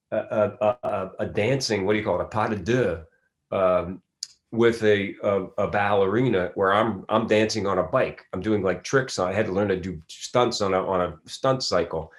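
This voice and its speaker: A middle-aged man from Philadelphia, an actor giving a casual interview, rambling through stories with many restarts. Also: fairly low pitch. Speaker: actor guest.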